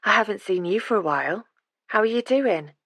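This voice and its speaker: A woman voicing a flirtatious single mother with a breathy, coaxing manner, as a storybook character. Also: mid-range voice, lively intonation, a little fast, a bit bright, no room sound, pitched above the performer's own voice. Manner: coaxing, playful.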